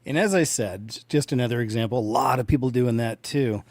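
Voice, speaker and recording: A man's voice: mid-range voice, brisk, no echo. A man hosting a commentary show, talking casually about the video clips he plays. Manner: relaxed, conversational, filler-heavy.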